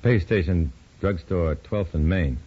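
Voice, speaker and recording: A man's voice: low voice, measured pace, breathy edge. A man playing a dry, wisecracking undercover agent in an old radio drama. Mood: wry. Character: wry, tough male undercover agent. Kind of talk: 1950s radio drama acting. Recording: dull lo-fi old radio recording with faint hiss.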